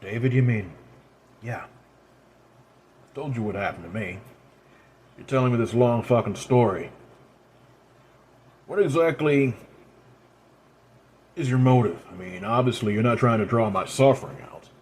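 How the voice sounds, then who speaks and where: An actor playing a weary male detective who talks in a gruff, blunt way and swears. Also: mid-range voice, a little slow, pauses often, a little mellow, a little hiss or hum, natural voice.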